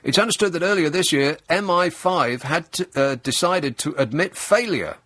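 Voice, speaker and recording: A middle-aged man, hosting a radio talk show and delivering a sarcastic, deadpan satirical monologue. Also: fairly high pitch, moderate pace. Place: radio studio. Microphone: close studio microphone.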